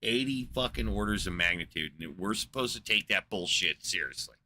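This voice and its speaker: A man's voice: lowish voice, animated, a little fast, sharp tone, a little hiss or hum. A man in a casual, rambling monologue, swearing a lot, incredulous and full of fillers. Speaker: podcast host. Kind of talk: casual profane rant.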